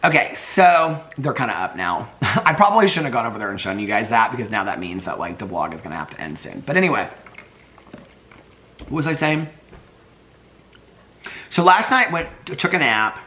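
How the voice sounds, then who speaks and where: Man vlogging from home, cooing baby talk to his dogs, loose rambling asides, very animated voice. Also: medium pitch, moderate pace, pauses often. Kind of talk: casual daily vlog. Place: home, indoors.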